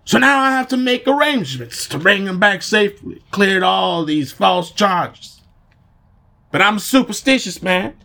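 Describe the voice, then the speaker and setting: A man voicing a hammy, menacing Italian mafia boss in a mock Italian accent, with slow, drawn-out, theatrical delivery. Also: mid-range voice, expressive, a little mellow, husky, pitched below the performer's own voice. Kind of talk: amateur dramatic reading.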